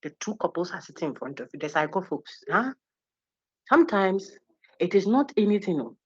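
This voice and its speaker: A woman giving a university lecture, animated and teasing, acting out little quotes as she goes. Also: lowish voice, fairly quick. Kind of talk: lively classroom lecture. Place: lecture hall. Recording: husky, dull lo-fi lecture recording.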